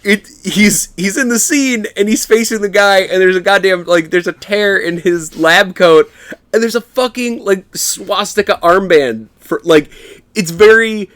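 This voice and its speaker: A man's voice: sits high, unhurried, fairly bright tone, dry recording. Man, podcast co-host, casual film talk, cursing, laughing, dry close sound. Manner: swears freely, laughs while recapping. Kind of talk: casual film review chat.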